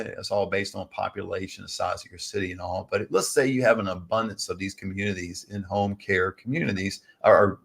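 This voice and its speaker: A man co-hosting a casual advice chat, rambling through a story and calling viewers "guys". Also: lowish voice. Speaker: co-host. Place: lives in California.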